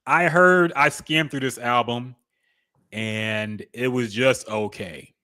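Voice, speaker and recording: A man's voice: mid-range voice, slow pace, sharp tone, clear, resonant tone, no echo, clean studio sound. A man co-hosting a music podcast, giving laid-back, candid opinions in casual chat. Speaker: podcast co-host.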